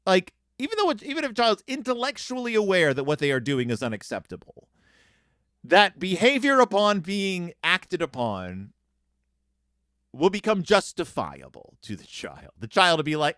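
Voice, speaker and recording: Podcast host, middle-aged man, expressive book commentary, bright tone, dry close sound. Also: sits high, normal speed, no echo. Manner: animated, acts out quoted lines in changing voices. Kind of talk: reading and commenting on a picture book.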